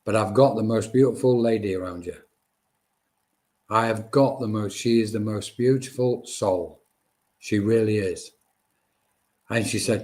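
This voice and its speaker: A man's voice: on the low side, measured pace, pauses often, a little mellow. A man working as a medium, giving chatty, reassuring live-stream readings and talking to viewers by name.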